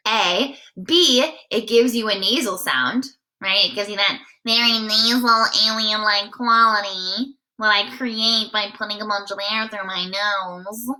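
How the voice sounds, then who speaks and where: A woman's voice: medium pitch, measured pace, sharp tone. A woman teaching a live singing lesson in a chatty, encouraging way, often checking in with her viewers. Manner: demonstrates sighs and nasal sounds mid-explanation.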